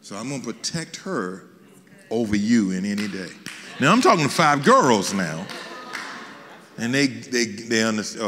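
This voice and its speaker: A man, a bishop, preaching a sermon as an animated storyteller, with folksy asides and frequent restarts. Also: fairly low pitch, moderate pace, long pauses, big-room sound.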